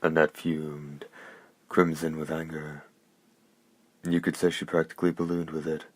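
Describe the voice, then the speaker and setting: A man reading a novel aloud as narrator in a measured, steady way. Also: very deep voice. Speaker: audiobook narrator.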